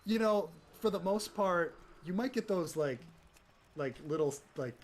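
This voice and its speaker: A man's voice: high voice, expressive, unhurried, a little hiss or hum. Rambling American man, casual chat. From United States. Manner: rambling, many fillers and restarts; swears freely. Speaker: gaming streamer chatting.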